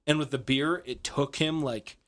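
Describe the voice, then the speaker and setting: A man with a somewhat higher voice chats casually on a podcast. He tells a rambling story full of restarts, fillers and swearing. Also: fairly even intonation, moderate pace, a bit bright. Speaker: podcast co-host. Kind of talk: casual chat.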